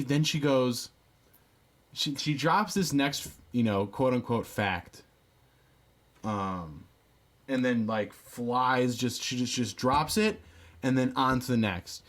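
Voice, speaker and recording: A man co-hosting a podcast, telling a story in a rambling, incredulous way, with profanity and many fillers and restarts. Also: medium pitch. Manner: incredulous, laughing retelling. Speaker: podcast co-host. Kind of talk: casual storytelling chat.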